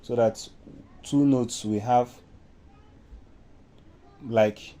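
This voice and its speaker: A man's voice: medium pitch, steady tone, extremely slow, warm tone. A man with a Nigerian English accent giving an informal music lesson, explaining step by step and singing solfa syllables as examples. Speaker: music teacher.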